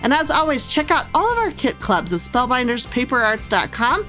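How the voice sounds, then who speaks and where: A woman's voice: high voice, big pitch swings, normal speed, pushed and bright, faint music behind. A middle-aged woman demonstrating craft stamps with a bubbly, gushing manner. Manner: bubbly and gushing, lots of "little" and "cute". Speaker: craft product presenter. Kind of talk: product demonstration.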